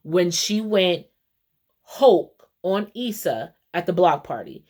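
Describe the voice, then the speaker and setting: A woman's voice: on the low side, slow. Woman doing a tv recap, chatty, jumps into the characters' voices. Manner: animated, switching voices for quoted characters. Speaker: TV recap vlogger. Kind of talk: casual recap, acting out the characters' lines.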